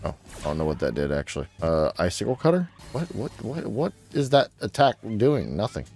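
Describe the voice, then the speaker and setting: A man's voice: fairly quick, creaky, soft background music. A young man hosting a gaming channel, giving playful, casual commentary on his gameplay and talking to the creatures on screen. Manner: playful, talks to his creatures, sudden excited jumps in pitch.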